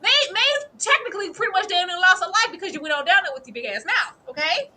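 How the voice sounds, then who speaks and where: Animated laughing woman recapping TV. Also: very high voice, quick pace. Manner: animated, laughing, swings from hushed asides to loud outbursts. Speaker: co-host of a TV recap show. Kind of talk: casual chat reviewing a TV episode.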